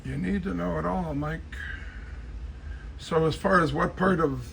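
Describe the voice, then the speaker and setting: Guy with a gravelly, slightly high voice, rambling and joking through a messy room tour. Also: unhurried, fairly bright tone, slight background noise, rough recording. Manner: joking, rambling, addresses a friend directly. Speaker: vlogger giving a tour. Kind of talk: rambling casual tour talk.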